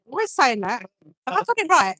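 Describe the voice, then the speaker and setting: An older woman with a high, bright voice greets viewers over a phone outdoors at a march. She giggles, hesitates and fumbles between words. The sound is close and dry. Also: sing-song, moderate pace, dry recording. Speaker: the streamer's wife. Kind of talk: casual chat to camera. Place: outdoors at a crowded street march. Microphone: handheld phone.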